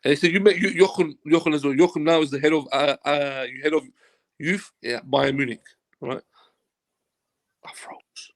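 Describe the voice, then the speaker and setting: Gravelly man telling a story. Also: a little high, a little fast. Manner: animated storyteller who acts out quoted dialogue and swears freely. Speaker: football agent, interview guest. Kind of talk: casual anecdote told in an interview.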